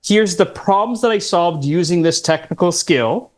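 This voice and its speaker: A man with a fairly high voice, a career coach guest who gives step-by-step interview advice and stresses key words as he talks. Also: lively intonation, normal speed. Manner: emphatic, instructive, quotes interview lines. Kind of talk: advice-giving podcast talk.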